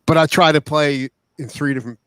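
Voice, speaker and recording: A man's voice: on the high side, steady tone, brisk, dry recording. A man chatting casually as a hobby musician, rambling and restarting his sentences. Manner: rambling, stop-and-start talk. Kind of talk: casual chat.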